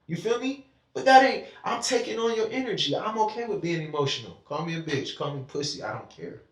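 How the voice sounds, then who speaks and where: In a casual podcast conversation, a man with a high-pitched, lively voice talks a little fast, emotional and animated, swearing freely and speaking in bursts. The room is echoey and the mic sits at a distance.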